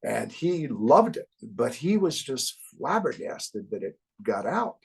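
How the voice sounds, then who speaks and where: Husky older man telling wry anecdotes. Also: mid-range voice, slow pace, low-quality recording. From US East Coast. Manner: wry, animated anecdotes with acted quotes. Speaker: guest, author. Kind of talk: casual interview storytelling.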